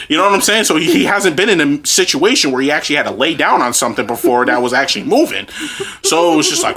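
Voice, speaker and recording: A man's voice: on the high side, very animated, fast talker, a crowd in the background. A man co-hosting a podcast, telling a story in a casual, comedic way, laughing through it and swearing freely. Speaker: podcast co-host.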